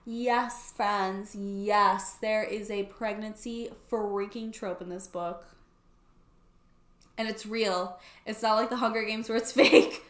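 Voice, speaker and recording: A woman's voice: mid-range voice, steady tone, slow, a bit bright, reverberant. A young woman recapping a book plot in a casual, sarcastic way, using "like" constantly. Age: young adult. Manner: chatty and sarcastic, heavy use of "like". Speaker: book YouTuber.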